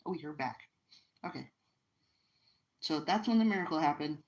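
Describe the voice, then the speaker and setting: A woman's voice: low-pitched, expressive, moderate pace, low-quality recording. A middle-aged woman from the United States, hosting a live stream at home by the fire and telling a personal story in a casual, earnest, emotional way with many restarts. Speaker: livestream host.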